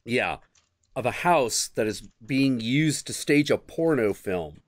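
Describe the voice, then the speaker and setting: Man, stream host, unhurried delivery, swooping pitch, dry close sound. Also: no room sound. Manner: animated, crude storytelling with bursts of acted quotes. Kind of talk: casual chat.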